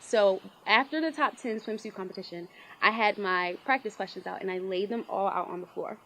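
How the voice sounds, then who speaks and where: A woman's voice: mid-range voice, a little fast, fairly bright tone, a little hiss or hum, poor audio. A woman, chatting bubbly and casually as an interview guest, full of "like" and "um". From Baltimore, Maryland. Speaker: pageant titleholder guest.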